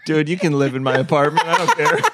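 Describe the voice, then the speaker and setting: A man's voice: fairly high pitch, fast talker, fairly bright tone. A man co-hosting a comedy podcast who drops dry wisecracks and offhand asides. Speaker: podcast co-host. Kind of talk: casual comedic chat.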